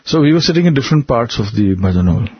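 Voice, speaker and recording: A man's voice: medium pitch, big pitch swings, quick pace, slightly rough, no room sound, muffled recording. A man recounting personal memories in an earnest, reflective interview, often laughing between stories. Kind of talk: conversational storytelling interview.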